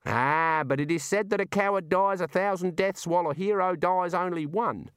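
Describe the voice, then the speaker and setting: A man's voice: sits high, moderate pace, a bit bright, smooth, dry recording, voice pushed up. A man voicing a blunt, unimpressed male kangaroo in a storybook reading, with a dry, matter-of-fact drawl.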